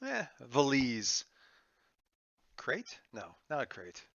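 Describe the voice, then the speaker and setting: A man's voice: mid-range voice, huge pitch swings, slow, fairly bright tone, no room sound, muffled recording. A man running a tabletop role-playing game as game master, thinking aloud in a rambling, playful way with lots of fillers. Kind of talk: running a tabletop game over an online call.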